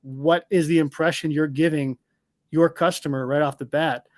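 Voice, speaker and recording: A man talking as a guest in a casual interview, walking through how his product works with confident, steady explanations. His voice sits a little higher than most men's and sounds dry and close, with no room echo. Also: normal speed. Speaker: software company guest.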